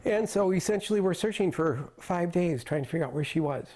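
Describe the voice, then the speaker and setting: A middle-aged grandfather in a news interview, speaking in a halting, pained way. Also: high-pitched, lively intonation, mellow.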